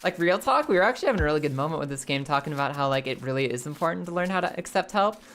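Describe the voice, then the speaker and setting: A young woman streaming a game, chatting in a rambling, animated and profane way. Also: deep voice, very fast, soft background music. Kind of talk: casual live game stream chat.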